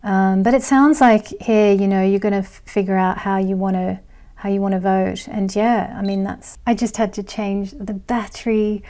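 A woman's voice: mid-range voice, little pitch movement, normal speed, dark tone. A middle-aged woman vlogger chatting casually as she reads viewer comments, rambling with fillers and laughs. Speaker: astrology vlogger.

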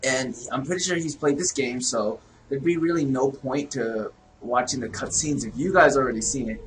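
A young man giving casual, excitable, profane let's-play commentary, shouting reactions at a game. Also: mid-range voice, normal speed, a little hiss or hum, rough recording. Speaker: gaming video host.

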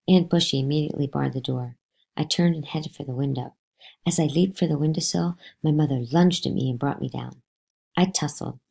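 Woman teacher reading a novel out loud, low gravelly voice, lively on the quotes. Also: brisk. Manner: lively, voicing quotes with pitch jumps. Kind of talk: classroom read-aloud of a novel.

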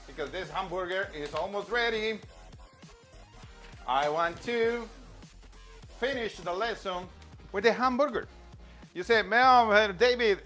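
High, lively man teaching rhythm. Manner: enthusiastic, encouraging, chanting rhythm words. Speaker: music teacher. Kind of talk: live online music lesson while cooking. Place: home kitchen.

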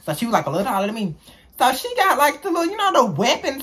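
A woman's voice: high-pitched, very fast, slightly rough. A young woman, chatting casually as she tells a story from her school days to her viewers. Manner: chatty, animated storytelling with slang.

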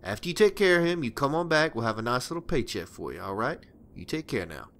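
A drawling, crude mercenary boss handing out jobs in a folksy, easygoing manner, as a man puts him on. His voice sits at an ordinary middle pitch. The delivery is loose and conversational, like a game dub done for laughs. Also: sing-song, quick pace, a bit bright. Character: folksy male mercenary boss giving contracts.

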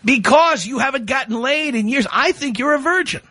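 Brief: male radio host, high lively voice, dry close sound, badgering and provocative. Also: moderate pace, dry recording. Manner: badgering, provocative, repeats his questions. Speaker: radio talk show host. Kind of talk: call-in radio talk.

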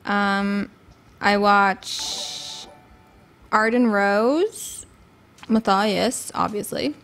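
A woman's voice: medium pitch, very slow, faint music behind. A young woman in her twenties, a gaming streamer, chatting playfully and reading out viewer questions. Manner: playful, lively, reads out chat questions. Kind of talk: casual gameplay chat.

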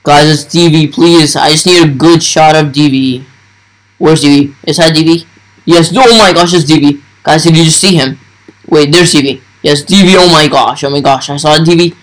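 A young man narrates his gameplay in a starstruck rush, piling one exclamation onto the next. His voice sits a little higher than most men's. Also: fairly even intonation, normal speed, rough recording. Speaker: gaming YouTuber. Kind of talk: excited gameplay commentary.

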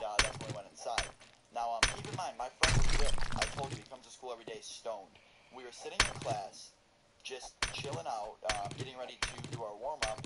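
A man casually telling a rambling story, swearing often and laughing at himself. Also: medium pitch. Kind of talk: casual storytelling over gameplay. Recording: loud background noise.

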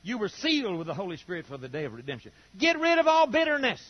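Animated older preacher with a high voice. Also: male voice, fast talker, no room sound. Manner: animated storytelling, acting out quoted voices. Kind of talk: sermon. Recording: dull lo-fi recording.

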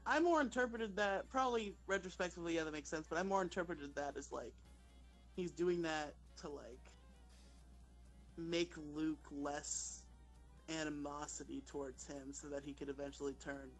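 A man's voice: a little high, moderate pace, faint music behind. A young man, a guest on a casual podcast, giving blunt opinions with lots of "like". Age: young adult. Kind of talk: casual chat.

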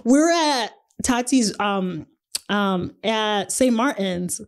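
A woman's voice: mid-range voice, lively intonation, slow. A young woman co-hosting a podcast, chatting casually and laughing as she retells events with quoted asides. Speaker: podcast co-host. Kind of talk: casual chat.

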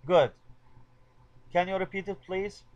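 A middle-aged man lectures a translation class in a slightly high voice. He says example sentences slowly and more than once, then breaks each one down. His is Arabic. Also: highs cut off, crowd noise. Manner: repeats model sentences slowly, switches between English and Arabic. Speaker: university translation teacher.

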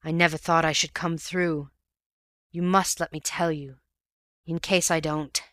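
A man voicing a wounded, exhausted bank manager who talks in weak, halting phrases. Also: fairly high pitch, little pitch movement, bright, forceful tone, no room sound, clean studio sound. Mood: grim.

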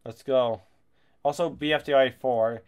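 A man chatting his way through a video game, excitable and quick to laugh. His voice sits at an ordinary middle pitch, and he swears freely as he goes. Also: clean tone, highs cut off. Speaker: gaming YouTuber. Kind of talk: casual gameplay commentary.

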